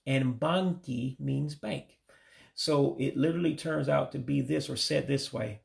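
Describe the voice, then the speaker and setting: In a casual vocabulary lesson, a language learner with a very gravelly, mid-pitched voice teaches words. His steady, teacherly delivery is slow and careful, word by word, and he often corrects himself along the way.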